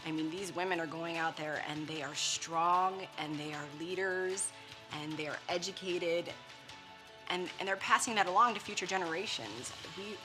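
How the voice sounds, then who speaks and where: Low-voiced woman, proud and emphatic. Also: moderate pace, over music. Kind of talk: interview.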